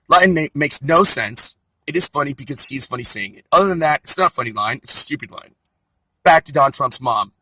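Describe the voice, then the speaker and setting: A man's voice: fairly high pitch, a little fast, bright, forceful tone, no echo, poor audio. A man delivering a profane, sarcastic comedy rant.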